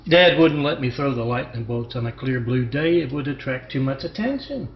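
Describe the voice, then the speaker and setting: A man from Louisiana telling rambling parables and talking to imagined callers, halting and repeating his self-introduction. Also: a little high, sing-song, highs cut off, a little hiss or hum. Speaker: self-styled parable teller.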